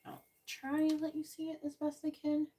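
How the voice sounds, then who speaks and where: A woman's voice: sits high, monotone, mellow, reverberant. Woman psychic reading to live viewers. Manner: talks to viewers, repeats and spells out signs, letters and numbers slowly. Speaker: psychic reader on a live stream. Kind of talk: live-stream card reading. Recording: slightly distant mic with faint noise.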